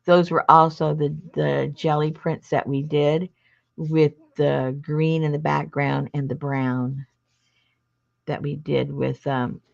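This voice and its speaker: A woman's voice: low-pitched, little pitch movement, slow, vocal fry, highs cut off. A woman hosting a casual crafting livestream, chatting in a rambling, self-interrupting way. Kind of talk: casual chat while crafting.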